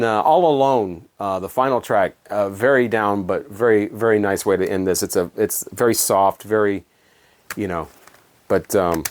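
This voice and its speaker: A middle-aged man, a former radio DJ, telling rambling stories in a casual monologue full of fillers and restarts. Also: medium pitch. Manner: rambling, many fillers and restarts, quick laughs. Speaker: former radio DJ and video host.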